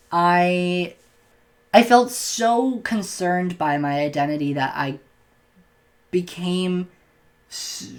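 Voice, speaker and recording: Candid young man, stumbling over words. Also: a little high. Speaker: vlogger. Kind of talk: casual personal storytelling to camera.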